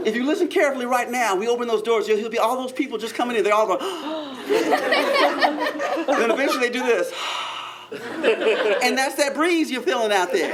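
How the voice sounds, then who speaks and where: Animated man telling stories theatrically. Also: very high voice. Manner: theatrical, animated, playful, chuckling often, audience asides. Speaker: park ranger giving a living-history talk. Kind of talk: first-person character storytelling to a live audience.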